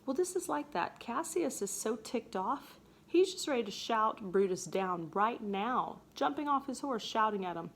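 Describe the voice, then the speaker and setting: A woman's voice: medium pitch, creaky. A woman teacher casually explaining a play scene, chatty and playful, acting out lines in voices. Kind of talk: casual literature lesson.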